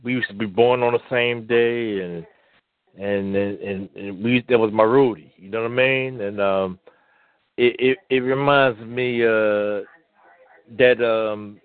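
A man talking on a casual radio show, halting and repeating words as he reminisces. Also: on the low side, steady tone, clear, resonant tone, dry recording. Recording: dry tinny phone-like line.

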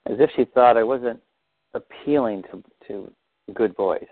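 Calm man guiding a tapping session. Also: mid-range voice, unhurried, no echo. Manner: calm, guiding, feeds lines to repeat. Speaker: tapping therapy facilitator. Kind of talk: guided tapping therapy session. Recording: thin phone-like audio, dry.

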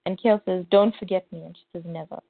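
A woman's voice: fairly low pitch, fast talker, creaky, no echo. A woman co-hosting a podcast, animatedly retelling a comic's plot and reading the characters' lines aloud. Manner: animated retelling with quoted voices. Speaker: podcast co-host. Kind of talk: casual comic recap, reading dialogue aloud. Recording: tinny phone-like dry audio.

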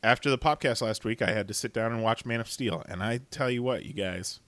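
A man chats on a podcast with a bright, forceful tone, ranting and swearing freely and laughing often. The sound is dry and close, with no room around it. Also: medium pitch, a little fast, dry recording. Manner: profane, animated ranting with frequent laughs. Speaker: podcast co-host. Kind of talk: casual chat.

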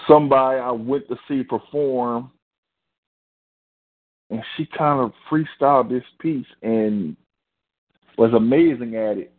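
A man performing a slow, sensual spoken-word poem as host, speaking deliberately. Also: fairly low pitch. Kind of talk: spoken-word poetry reading. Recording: tinny phone-line sound.

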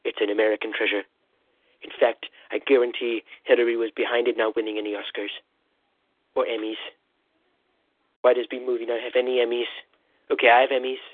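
A man doing a comic impression of a rambling, boastful male president, calling in over a phone line with a husky voice. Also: mid-range voice, level tone, brisk, long pauses, no room sound, lightly acted. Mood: blustering. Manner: rambling, repetitive "listen", boastful bluster. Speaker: comedy caller. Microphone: phone call-in. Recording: tinny phone line, dry.

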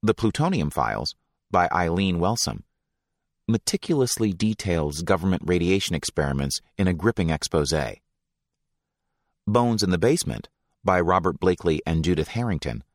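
A man reading passages from a book aloud in a measured, deliberate way, giving weight to titles and names. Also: sits low, no room sound, clean studio sound.

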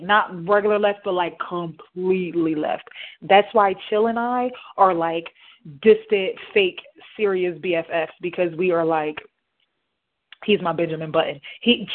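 A young adult woman hosting a talk radio show, playful and hyped, with a light, youthful voice that is not raspy. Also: lowish voice. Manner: playful, hyped, talks straight to listeners. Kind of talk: casual talk radio chat. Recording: tinny phone-like sound.

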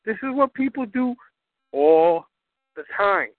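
A man's voice: sits high, expressive, takes it slowly, no echo, narrow, tinny audio. A man hosting a talk show on spirituality. He talks emphatically, swears freely and keeps asking his listeners whether they understand. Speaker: host.

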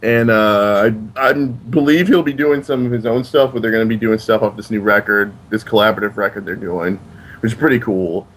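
A man co-hosting a comics podcast, announcing upcoming events in a relaxed way with many fillers. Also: on the low side, brisk. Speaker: podcast co-host. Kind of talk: casual chat.

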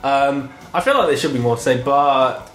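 A man's voice: medium pitch, normal speed. Male co-host, easy chat, frequent laughs and restarts, roomy recording. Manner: laughs often, hesitant restarts. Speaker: podcast co-host. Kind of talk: casual chat.

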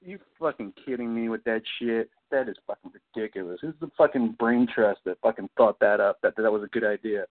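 A man's voice: fairly low pitch, brisk, hardly any pauses. Foul-mouthed rambling man on tinny audio. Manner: swears constantly, rambling, says "you know what I mean". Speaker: podcast host. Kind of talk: casual chat.

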